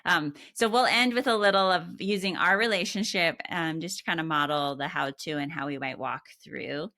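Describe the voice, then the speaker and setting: Expressive woman co-host, bright tone with a gravelly edge, dry sound. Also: sits low, normal speed, no echo. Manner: expressive, laughs often, acts out voices in examples. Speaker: podcast co-host, therapist. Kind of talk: casual chat.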